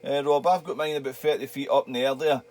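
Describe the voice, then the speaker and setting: A man's voice: mid-range voice, fast talker. Chatty Scottish man on ham radio. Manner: relaxed, chatty, laughs easily, rambling. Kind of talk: casual radio chat. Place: radio shack at home.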